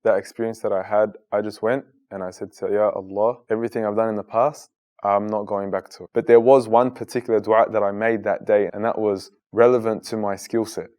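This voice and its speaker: A man in his thirties from Australia, telling his own story in an interview in an earnest way and becoming lively when he retells conversations. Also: fairly low pitch, brisk. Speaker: guest, Muslim content creator.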